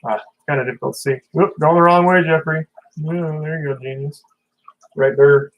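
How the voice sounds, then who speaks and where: A man's voice: on the high side, steady tone, normal speed, phone-quality sound. A man chatting casually on a livestream, rambling as he reads out viewer comments and talks about his tanks. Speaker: fish-keeping livestreamer.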